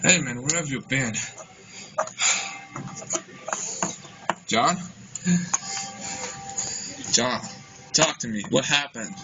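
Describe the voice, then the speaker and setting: A man's voice: medium pitch, slow pace, loud music behind the voice. A man playing a skeptical friend who mocks and teases, in an amateur film. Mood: concerned. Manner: sarcastic, teasing. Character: skeptical young male friend, mocking. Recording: dull, noisy amateur audio.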